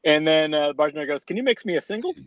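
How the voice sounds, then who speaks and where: A man taking turns telling quick bar jokes in an online improv game, with halting delivery. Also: on the high side, animated, fairly bright tone, no room sound, highs cut off. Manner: halting, many fillers and restarts. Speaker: improv player. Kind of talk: casual joke telling.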